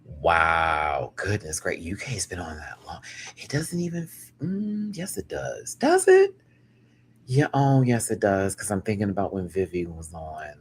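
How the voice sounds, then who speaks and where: Man, live-stream reviewer, husky, very animated pitch, campy, chatty. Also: unhurried. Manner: chatty, campy, greets live chat, laughs often. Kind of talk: casual live-stream commentary.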